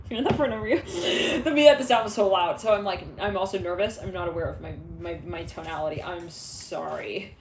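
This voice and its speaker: A woman's voice: on the low side, a little fast, roomy sound, background noise. A woman giving a casual tarot reading, rambling and laughing often as she acts out imagined conversations. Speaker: tarot reader.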